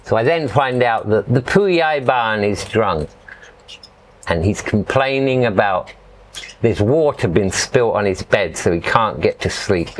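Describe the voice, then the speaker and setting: A middle-aged man from England telling stories in a casual, rambling way as an interview guest, dropping "you know" often. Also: fairly low pitch. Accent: English. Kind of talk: casual storytelling.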